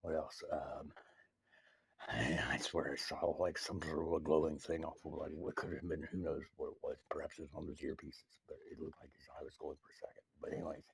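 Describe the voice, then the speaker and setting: A man rambling to camera in a halting, mock-earnest monologue full of hesitations, addressed to the president. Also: rumbling low, level tone, gravelly, breathy edge, no echo, rough recording. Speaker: video maker addressing the president.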